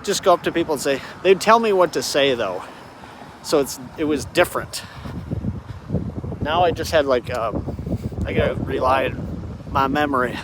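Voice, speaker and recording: A man's voice: mid-range voice, normal speed, long pauses, background noise. A man rambling playfully while walking and talking outdoors for his vlog. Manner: rambling, playful, jumps between topics. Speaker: vlogger. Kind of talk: rambling walk-and-talk vlog.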